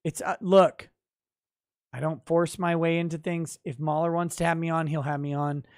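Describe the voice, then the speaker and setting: A man hosting a casual livestream, reading viewer comments aloud and breaking into loud, profane, mock-boastful rants. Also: on the high side, flat delivery, normal speed, no room sound, clean studio sound. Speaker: livestream host.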